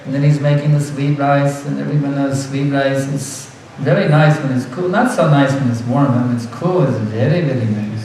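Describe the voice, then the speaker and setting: A man's voice: medium pitch, moderate pace, few pauses, a little mellow, far from the mic, slight background noise. Earnest man lecturing in an echoey room. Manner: earnest, repeats words for emphasis, laughs lightly. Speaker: spiritual teacher. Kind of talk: devotional lecture.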